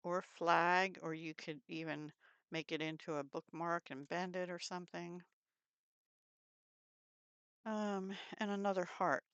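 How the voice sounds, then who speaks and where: A woman hosting a craft video at an unhurried, easy pace, leaning into each piece with warm admiration. Her voice is very clean and clear, recorded dry and close with no room sound. She sits a touch low in pitch for a woman. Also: little pitch movement, no echo, highs cut off. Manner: unhurried, chatty, admiring, with small laughs. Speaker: craft channel host. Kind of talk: casual show-and-tell of craft supplies.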